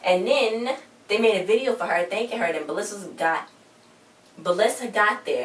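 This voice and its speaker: A woman's voice: mid-range voice, expressive, moderate pace. A woman rambling through a casual TV recap with slangy, exasperated asides. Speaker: TV episode reviewer. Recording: roomy echo, distant mic, faint hiss.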